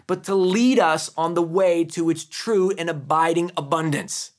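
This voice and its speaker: A man in his thirties hosting a podcast, reading scripture and telling personal stories in an earnest, measured sermon style. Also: a little high. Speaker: podcast host and Bible teacher.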